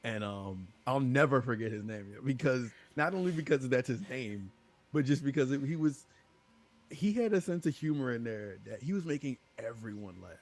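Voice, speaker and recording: A man co-hosting a gaming podcast, telling stories in a casual, animated way and acting out other people's lines. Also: medium pitch, moderate pace. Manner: animated, laughing, acts out quoted voices. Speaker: podcast co-host. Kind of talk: casual storytelling chat.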